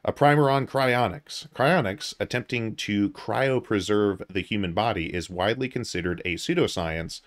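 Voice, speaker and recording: Low-voiced man reading with jokey asides. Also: normal speed, hardly any pauses. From United States. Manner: reads aloud with joking asides and filler words. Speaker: podcast host. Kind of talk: casual podcast chat, reading an article aloud.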